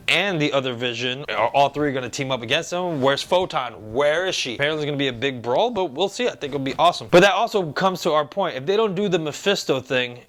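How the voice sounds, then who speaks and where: A young man hosting a casual review vlog, talking excitedly and acting out quotes in an animated way. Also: medium pitch. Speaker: host reviewing a TV episode.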